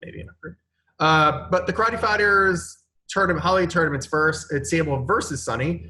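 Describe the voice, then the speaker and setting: A man in his thirties, a guest on a podcast, recapping events briskly with dry little asides. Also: on the high side, pushed and bright. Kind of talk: casual chat.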